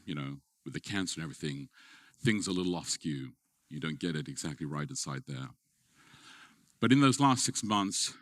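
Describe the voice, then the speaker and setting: A middle-aged man preaching, telling a family story, moving between playful, animated moments and quiet, hushed ones. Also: fairly low pitch, no echo, clean studio sound. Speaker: pastor. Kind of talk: sermon with personal story. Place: event hall with an audience.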